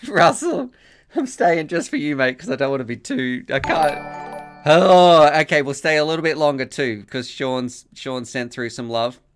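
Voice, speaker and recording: A man's voice: fairly high pitch, animated, unhurried, clean tone, faint music behind. A man hosting a live stream, rambling and thankful, laughing often as he reads donations and messages aloud. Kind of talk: casual live-stream chat reading donations.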